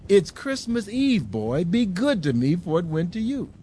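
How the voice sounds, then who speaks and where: A man's voice: sits high, measured pace, slight background noise, pitched above the performer's own voice. A man reading aloud and voicing a young wife who speaks sweetly and eagerly to her husband. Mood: pleading. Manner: pleading then excited, sweet.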